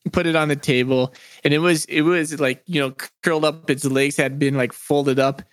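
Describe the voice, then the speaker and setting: A young adult man co-hosting a podcast, telling a story in a lively, chuckling way. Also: on the high side, normal speed, dry recording. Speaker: podcast co-host. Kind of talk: casual storytelling.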